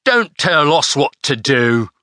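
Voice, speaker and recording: A man's voice: medium pitch, normal speed, a bit bright, no echo, studio quality, natural voice. A male audiobook narrator voicing a harsh, growling customs collector who bullies traders.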